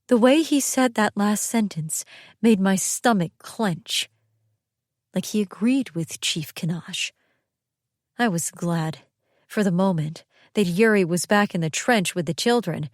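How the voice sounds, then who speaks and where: A woman reading a first-person audiobook narration in a steady, tense storytelling manner. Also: medium pitch, measured pace, dry recording, studio quality.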